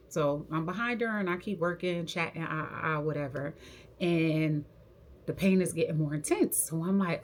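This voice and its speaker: A young adult woman, a hair stylist, casually telling a personal story to camera in a slangy, animated way and acting out what people said. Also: fairly low pitch, moderate pace, a little hiss or hum.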